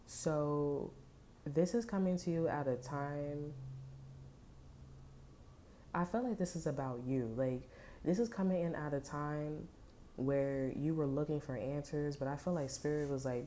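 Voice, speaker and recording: A woman reads tarot cards for her viewers in a loose, rambling way, swearing freely and leaning on fillers and slang. Her voice sits very low with a dark, mellow tone, and a faint hiss runs underneath. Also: a little slow, long pauses. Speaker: tarot reader. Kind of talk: casual tarot reading.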